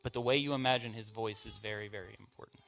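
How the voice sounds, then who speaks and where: A man leads a church Bible study informally, teaching conversationally with casual fillers and putting questions to the group. His fairly low voice is a bit bright, with vocal fry, fairly even intonation and a quick pace.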